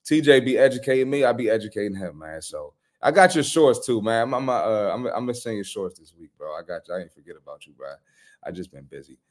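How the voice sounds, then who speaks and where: A man's voice: lowish voice, big pitch swings, fast talker. A man, a personal trainer, hosting a live reaction stream with blunt, profane, slangy commentary.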